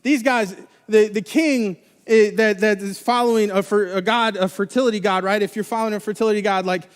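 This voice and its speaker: Casual young pastor preaching in a reverberant hall. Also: male voice, high-pitched, steady tone, brisk, clean tone. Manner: casual, rambling with many restarts and fillers. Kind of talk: sermon. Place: church sanctuary. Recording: live church recording with long hall reverb.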